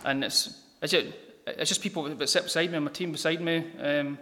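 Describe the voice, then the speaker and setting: A man delivers an informal gospel sermon in a church hall, stumbling over his words and filling pauses with ums. His voice sits a little high for a man. The hall gives each phrase a long, reverberant tail. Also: steady tone, bright, forceful tone, slight background noise. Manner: halting, many ums and repeated words. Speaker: lay preacher.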